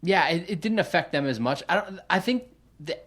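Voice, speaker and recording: A man co-hosting a sports podcast, talking excitedly and profanely about his team. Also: sits high, fairly quick. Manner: excited, profane fan talk. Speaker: podcast co-host. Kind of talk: casual sports podcast chat.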